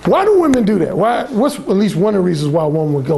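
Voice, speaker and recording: A fairly high-voiced man with a gravelly edge talks to a seminar crowd, bluntly and with plenty of profanity. His pitch swings widely as he tells his stories. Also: sing-song, racing, hardly any pauses, warm tone, a little hiss or hum. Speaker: seminar speaker, dating coach. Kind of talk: storytelling talk to a live audience.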